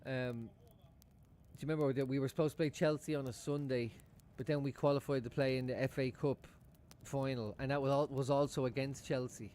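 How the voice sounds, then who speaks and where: A man's voice: mid-range voice, fairly even intonation, fairly quick, a little mellow, slight background noise. A man chatting casually at home while he watches a football match live for his stream, swearing freely and laughing often. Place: room at home.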